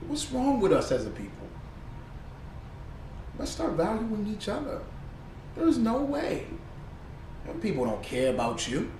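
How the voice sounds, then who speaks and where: A man giving animated, preachy and profane reaction commentary on played clips, laughing often. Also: high-pitched, measured pace, long pauses. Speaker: online commentator. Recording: echoey room, far from the mic, faint noise.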